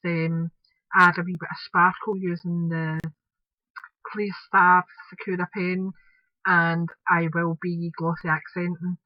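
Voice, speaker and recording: A woman's voice: lowish voice, no echo, dull audio. A woman from Scotland with a Scottish accent, chatting through a crafting tutorial in a rambling way with lots of "um"s and Scottish words.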